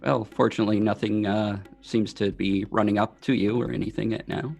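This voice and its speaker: A man narrating as dungeon master of a tabletop game, slow and halting with many fillers. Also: lowish voice, fairly even intonation, vocal fry, a little mellow, soft background music.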